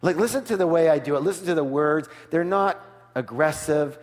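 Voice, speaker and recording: A man giving an energetic sales seminar, asking the audience for call-and-response and switching to a soft, quiet voice to act out offers. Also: fairly high pitch, fairly quick. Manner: drops to a soft, quiet voice for role-played offers. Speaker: seminar speaker. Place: large hall with a live audience. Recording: long hall reverb.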